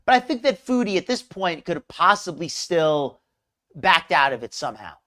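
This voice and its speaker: In casual live-stream commentary, a show host rambles chattily and greets people in the chat. The voice is mid-range and sing-song, bright and pushed, at a moderate pace.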